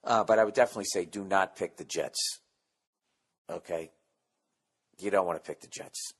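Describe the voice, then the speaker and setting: A man's voice: sits low, normal speed, breathy edge. Podcast host, man in his forties; profane, sarcastic, rambling monologue delivery. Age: 40s. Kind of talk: casual comedic monologue.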